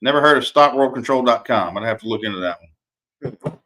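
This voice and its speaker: A man's voice: medium pitch, lively intonation, a little fast, sharp tone. A man hosting a casual live-stream chat, telling folksy stories and swearing freely. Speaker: podcast host and author.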